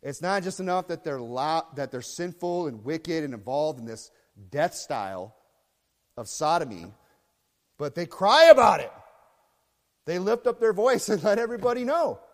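A man preaching a sermon as pastor, swinging between low muttering and loud shouting. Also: in a large hall.

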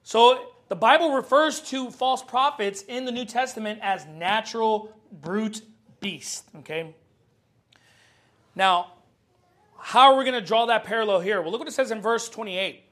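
A man preaching a sermon as pastor, animated and joking, acting out scenes from the Bible. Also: high-pitched, a little slow.

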